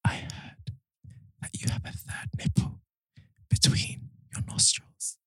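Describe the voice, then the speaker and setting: Woman performing a whispered role-play: unvoiced ASMR hush, slow and close, dry mic. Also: no room sound, natural voice. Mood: mock soothing.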